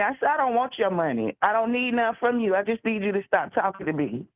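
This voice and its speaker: A woman's voice: mid-range voice, lively intonation, fast. A woman calling in to a show, telling gossipy stories in a chatty way. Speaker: caller. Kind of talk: phone call-in chat. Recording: tinny phone line.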